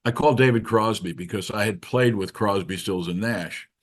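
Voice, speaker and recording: A man's voice: lowish voice, normal speed. A man guest in an interview, telling a story casually and acting out the quoted voices. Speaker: interview guest, keyboard musician.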